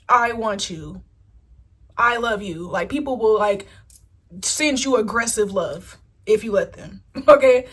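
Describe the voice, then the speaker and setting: A woman giving a casual pick-a-card tarot reading, chatty and animated, swearing freely. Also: medium pitch, breathy edge. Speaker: tarot reader.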